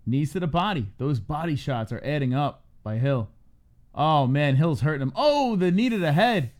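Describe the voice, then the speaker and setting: A man commentating fights live for a reaction stream, his voice swinging up and down as he calls each strike. He talks loose and casual, with swearing, and bursts into shouts at the finishes. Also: a little high, expressive, normal speed. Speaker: host.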